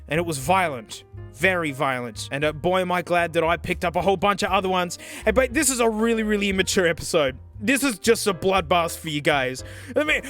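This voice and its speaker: A young man with a bright, sharp voice chats to camera in a loose, slangy way. He swings between low mutters and excited shouts while trying out gadgets, with faint music underneath. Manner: excitable, slangy, yells and groans while testing gear. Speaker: tech reviewer. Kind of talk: casual vlog chat.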